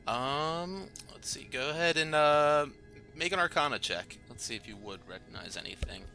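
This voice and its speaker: A man narrating a tabletop game as game master, halting with lots of fillers. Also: on the high side, lively intonation, creaky, bright, forceful tone, faint music behind.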